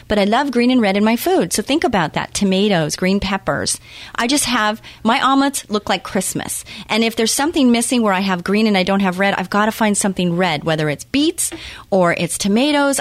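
A woman's voice: medium pitch, dry recording. A woman hosting a faith-based radio call-in show, talking in an earnest, encouraging way and repeating her key points. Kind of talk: faith-based motivational talk.

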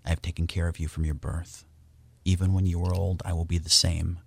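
A man's voice: low voice, little pitch movement, fairly quick, creaky, breathy edge, no echo. A man speaking as a radio guest, enthusiastic and promotional, reading scripture aloud. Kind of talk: radio interview talk.

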